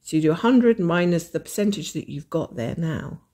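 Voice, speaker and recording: A woman's voice: deep voice, lively intonation, normal speed, warm tone. A woman with a Scottish accent hosting a casual stitch-along chat, thinking aloud and weighing her options. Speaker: host of a cross-stitch channel.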